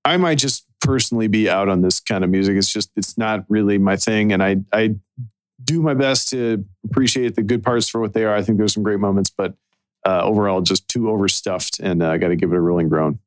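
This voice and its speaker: A man with a lowish voice talks modestly, with some hesitation, in casual podcast chat. The sound is dry and close, with no room around it. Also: a little fast, no echo. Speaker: podcast co-host.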